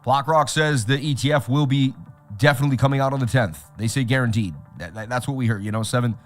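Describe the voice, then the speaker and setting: A man hosting a crypto trading livestream, talking in an excitable hype-man way with repeated catchphrases. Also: medium pitch, quick pace, soft background music. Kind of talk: hyped livestream chat.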